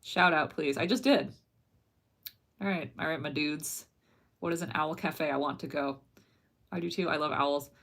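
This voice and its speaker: A woman with a slightly lower-than-average voice chatting on a livestream. She is bubbly and giggly, and she reads her viewers' questions aloud before answering them in a relaxed, casual way. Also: normal speed, pauses often. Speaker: animator streaming live and answering chat.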